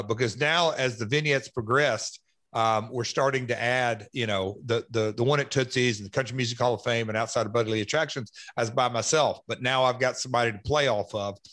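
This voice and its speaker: A middle-aged man who hosts a podcast, recalling old days in an animated, rambling way. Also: medium pitch, a little fast. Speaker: podcast host and former wrestler. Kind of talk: casual podcast chat.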